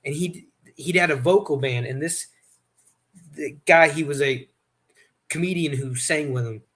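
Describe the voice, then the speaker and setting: Guy hosting a chat, kinda husky, a bit higher voice, keeps restarting his sentences. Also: measured pace, fairly bright tone. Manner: rambling storyteller with many restarts. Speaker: host. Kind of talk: casual chat.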